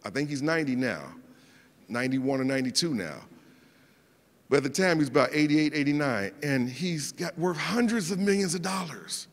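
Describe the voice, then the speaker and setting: Animated male storyteller in a reverberant hall. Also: on the high side, normal speed. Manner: animated, repeats words, acts out quotes. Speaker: guest speaker. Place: event hall.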